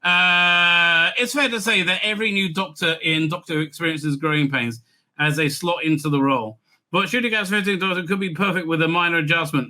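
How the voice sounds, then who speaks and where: A man's voice: on the high side, sharp tone. A man reading an article aloud and breaking in with sarcastic, scornful, profane asides. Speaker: online commentator.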